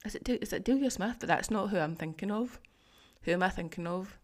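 A woman's voice: mid-range voice, a little fast. A woman in her thirties, a fitness coach hosting a casual solo podcast, talking chattily and emotionally with lots of fillers. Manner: chatty, heavy use of "like", emotional and gushing. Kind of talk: casual solo podcast, reading client feedback.

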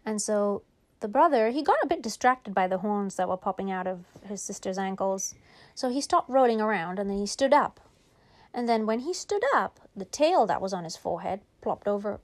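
A woman improvising a bedtime story for a child, lively, with drawn-out words and hushed whispers. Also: mid-range voice.

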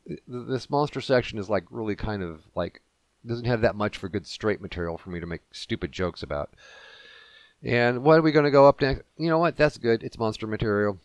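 A man's voice: fairly low pitch, creaky, no echo. A man hosting a casual solo podcast, rambling and joking at his own expense. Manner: rambling, self-deprecating and jokey. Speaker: podcast host.

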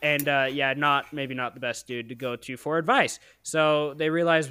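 Bright, clear-voiced young man telling stories. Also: mid-range voice, steady tone, normal speed, dry recording. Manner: rambling, self-correcting, jokey asides. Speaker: host and storyteller. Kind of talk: improvised storytelling.

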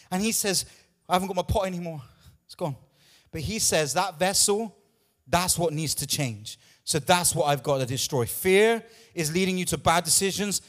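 A man's voice: high-pitched, fairly bright tone. A man pastor preaching a sermon with emphatic, repetitive lines, out of breath at times.

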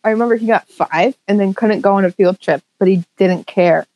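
A woman's voice: medium pitch, a little fast, a little mellow, no echo, highs cut off. A young woman co-hosting a podcast, chatting casually and emphatically. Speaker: podcast co-host. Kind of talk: casual chat.

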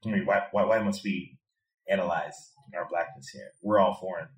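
A man's voice: sits low, fairly even intonation, normal speed. A man from Chicago, an expat in Thailand, talking through his ideas thoughtfully as an interview guest and often repeating words while he builds a point. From Chicago, USA. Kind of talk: reflective conversational interview. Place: indoor room in Bangkok. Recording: echoey room.

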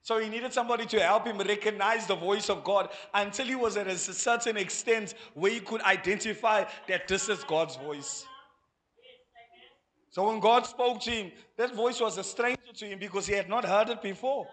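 A South African man preaching a sermon from a church pulpit, his voice sitting noticeably high for a man. He is animated, slipping into acted-out voices and laughing as he goes, speaking into a handheld mic. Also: normal speed. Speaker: pastor.

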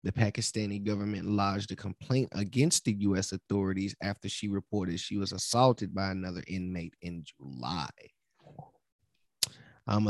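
A man's voice: on the low side, darkish tone, no echo, studio quality. A man co-hosting a podcast, reading a news story aloud and often stumbling over words and correcting himself. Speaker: podcast co-host.

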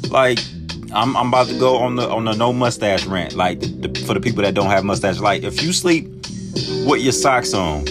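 A man's voice: on the low side, animated, moderate pace, over music. A man hosting a podcast, ranting for comedy in slangy talk with exaggerated mock outrage. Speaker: podcast host. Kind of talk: comedic solo rant.

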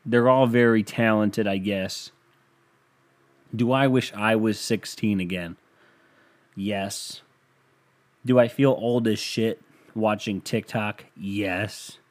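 A man's voice: fairly low pitch, fairly even intonation, slow pace, pauses often. A young man hosting a podcast in a rambling, profane, self-mocking casual monologue. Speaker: podcast host.

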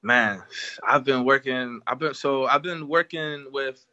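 In lo-fi sound, a rapper from Washington Heights, New York, unhurriedly chats in an interview, easygoing and full of slang, with "you know what I'm saying" sprinkled throughout. His mid-range voice sounds pushed and bright.

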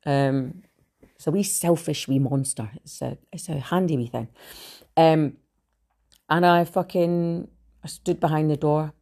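A Scottish woman with a Glasgow accent, telling her own story in a blunt, animated monologue full of swearing. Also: low-pitched, measured pace, pauses often. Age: adult with three children. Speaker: speaker sharing her recovery story.

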